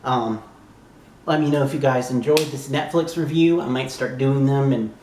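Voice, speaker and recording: A young man from the southern United States talking casually as a YouTube reviewer, gushing and exclaiming like an excited fan who swears freely. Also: medium pitch, normal speed, slight background noise. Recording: echoey room.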